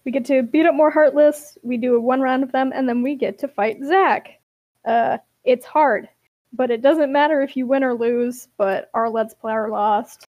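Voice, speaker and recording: A young woman hosting a podcast, recapping a story in an animated, giggly way. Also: high voice, normal speed, muffled recording. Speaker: podcast host. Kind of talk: casual chat.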